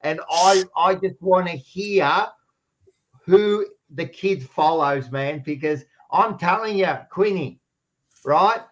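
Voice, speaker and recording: An Australian man co-hosting a casual footy podcast, loud and teasing, swearing freely. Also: sits high, takes it slowly, lo-fi sound. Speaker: podcast co-host.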